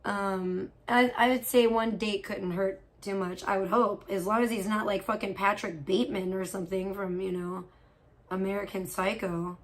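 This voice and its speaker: A woman's voice: medium pitch, steady tone, normal speed. A woman hosting a livestream and chatting casually with viewers, outspoken and blunt, with a child of her own. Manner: outspoken, swears freely, reacts with loud disgust; chatty, full of fillers and questions to chat. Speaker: livestream host; parent of a young child. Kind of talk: casual chat reacting to viewers' messages.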